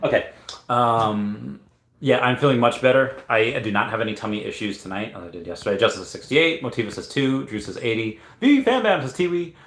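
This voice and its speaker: Guy doing a goofy livestream, reading chat out loud, mid pitch, kinda echoey room. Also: expressive, a little fast. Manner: playful, reads chat aloud, breaks into silly singing. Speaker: livestream host running a chat giveaway. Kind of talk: casual livestream chat reading viewer comments.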